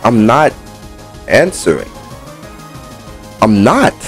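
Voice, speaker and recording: A man giving excitable let's play commentary on a horror game, talking back to the game and swinging between boasting and panic. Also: medium pitch, extremely slow, faint music behind. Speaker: gaming YouTuber.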